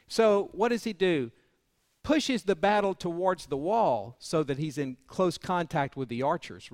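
A preacher with a fairly high voice delivers a sermon in a folksy, storytelling way. He swings between loud, ringing passages and near-whispered ones. The sound is dry and close. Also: no echo. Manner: dramatic swings from loud to hushed.

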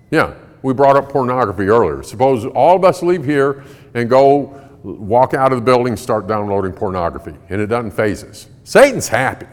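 A man answering parenting questions before a live audience, folksy and emphatic, laughing often. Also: medium pitch. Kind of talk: conversational Q&A talk to a live audience. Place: large hall in a building. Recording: long hall reverb.

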